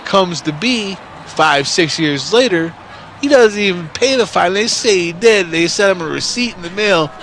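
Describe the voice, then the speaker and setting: A man's voice: high voice, lively intonation, moderate pace, a bit bright, slight background noise. A man in his forties from New York State telling a story casually, rambling and swearing constantly. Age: 40s.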